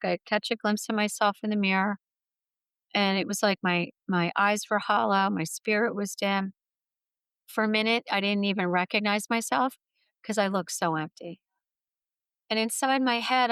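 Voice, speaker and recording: A middle-aged woman speaking as an interview guest, retelling her own story in an earnest, heartfelt manner. Her voice is smooth and resonant. The sound is close and dry. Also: medium pitch, a bit bright, no echo. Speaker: guest author.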